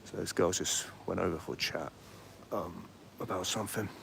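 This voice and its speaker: Low-voiced man rambling outdoors. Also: normal speed, vocal fry. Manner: rambling, chatty, reads out viewer comments. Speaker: livestream host. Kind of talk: casual live commentary. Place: outdoors by a street. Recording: faint street noise behind.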